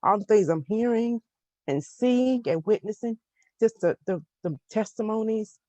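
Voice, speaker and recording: A woman on a group video call, speaking in a heartfelt, halting way as she holds back tears and asks a question. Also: mid-range voice, lively intonation, a little mellow, no echo, dull audio. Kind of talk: emotional testimony and question.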